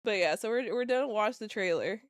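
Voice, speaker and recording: A young woman streaming live, teary and excitable, rambling and giggling as she reacts. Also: mid-range voice, brisk, no room sound, clean studio sound. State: teary from crying.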